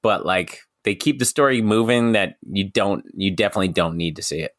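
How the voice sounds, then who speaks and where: A man's voice: deep voice, a little fast, a bit bright, no room sound, studio quality. A middle-aged man co-hosting a comedy podcast, chatting loosely and rambling, laughing easily. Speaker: podcast co-host. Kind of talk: casual comedic chat.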